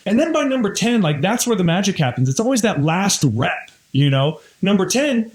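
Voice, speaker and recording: A man's voice: fairly high pitch, a little fast, hardly any pauses. A man in his thirties, a podcast guest, telling stories and acting out what people said. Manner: energetic storyteller, acts out quotes. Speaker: guest, real estate fund CEO. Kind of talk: casual interview talk.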